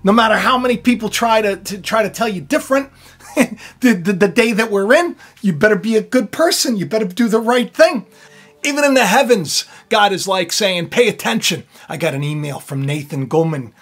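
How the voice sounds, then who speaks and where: A man hosting his own spiritual video channel. He talks in a loose, rambling monologue, full of fillers and restarts, and swings from low murmurs to loud outbursts. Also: animated, normal speed, soft background music.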